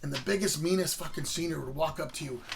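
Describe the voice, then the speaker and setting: A man's voice: a little high, fast talker, creaky, noisy background. A middle-aged man casually telling rambling, profane stories about his school football days. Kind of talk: casual storytelling.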